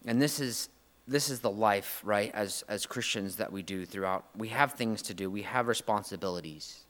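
A man's voice: on the low side, normal speed, a bit bright, big-room sound. A man preaching a sermon, earnest and emotional, often restarting his phrases.

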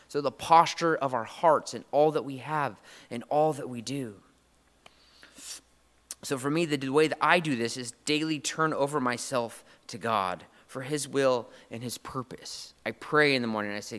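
A man's voice: mid-range voice, moderate pace, a bit bright, long reverb tail. A man preaching a sermon, earnest and emotional, often restarting his phrases.

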